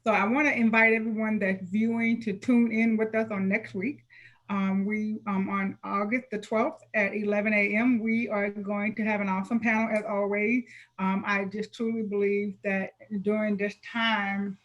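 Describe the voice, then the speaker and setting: Woman, webinar host, affirming, organized, average pitch, slightly muffled call audio. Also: level tone, moderate pace. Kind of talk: hosting an online panel webinar.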